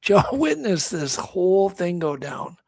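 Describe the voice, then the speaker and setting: A man's voice: high-pitched, very animated, unhurried, vocal fry, breathy edge, dry recording. A man co-hosting a talk show, rambling through a story with many restarts and acted-out quotes. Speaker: co-host. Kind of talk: casual storytelling chat.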